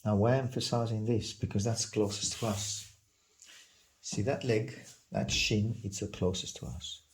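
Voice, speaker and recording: A man teaching drawing, talking calmly and unhurriedly, often repeating single words under his breath as he works. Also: fairly low pitch, poor audio. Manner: calm, unhurried, muttering repeated words while sketching. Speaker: art instructor. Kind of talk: slow drawing tutorial narration.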